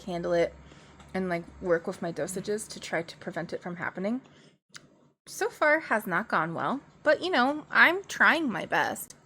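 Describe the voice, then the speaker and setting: A young woman streams from home, chatting in a loose, rambling way and laughing easily. Her voice sits at an ordinary middle pitch. A faint hiss runs under it from a desk mic. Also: a bit bright. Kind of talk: casual chat.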